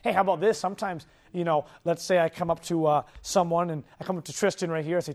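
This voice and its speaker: A man with a notably high voice preaches to a youth group, animated and lively. He delivers his sermon with energy, slipping into playful impressions of the kids he talks about. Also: quick pace, few pauses. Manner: animated, mimics kids' voices in anecdotes. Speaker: youth pastor. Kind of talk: sermon to teenagers.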